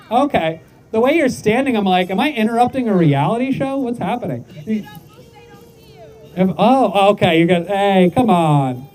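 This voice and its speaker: A man doing outdoor crowd work, roasting passersby on a city street with rapid deadpan wisecracks. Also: high-pitched. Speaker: street comedian.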